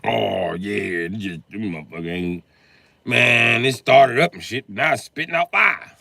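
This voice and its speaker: A male comedian telling profane comic stories in a live monologue, acting out both sides of conversations and breaking into loud shouts. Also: unhurried, vocal fry, no room sound. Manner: jumps to loud high shouts when acting out scenes.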